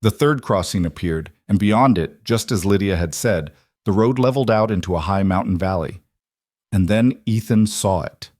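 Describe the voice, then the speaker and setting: Guy reading a western story, lowish steady voice, real dry close sound. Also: normal speed, no echo. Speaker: narrator. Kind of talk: scripted audiobook narration.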